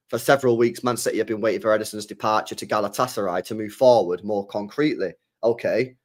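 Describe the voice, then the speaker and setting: A young man, chatting casually about football transfer news, animated, repeating himself and swearing often. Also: medium pitch. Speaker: football fan channel host.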